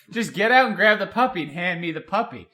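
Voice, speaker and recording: Casting: man, 30s, podcast co-host, bright tone, slightly high, loose storyteller. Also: animated, a little fast. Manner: rambling, laughs a lot, acts out quotes. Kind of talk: casual chat.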